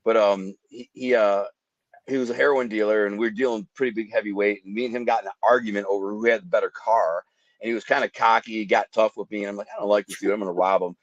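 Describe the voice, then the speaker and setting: A man telling dramatic life stories in an animated way, acting out gunshots with sound effects. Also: fairly low pitch, fast, no echo, dull audio. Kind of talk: animated storytelling.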